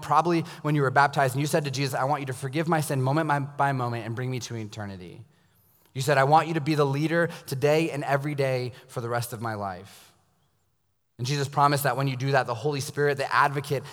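Guy preaching in church, tells stories then gets quiet and intense, big echoey hall sound. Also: mid-range voice. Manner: storytelling, dropping to a hushed intense tone for emphasis. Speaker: pastor. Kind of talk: sermon. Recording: long reverb of a large hall.

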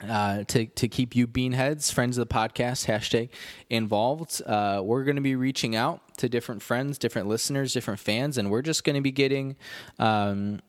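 A man's voice: mid-range voice, normal speed, no room sound, studio quality. A man hosting a podcast, telling a story in a rambling, self-deprecating way with lots of restarts. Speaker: podcast host. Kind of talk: casual storytelling monologue.

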